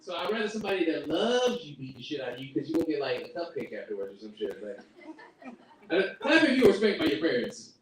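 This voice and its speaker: A man doing a crude stand-up comedy set at a home open mic, with an animated delivery and squeaky put-on voices. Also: fast. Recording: echoey room from far off, noisy.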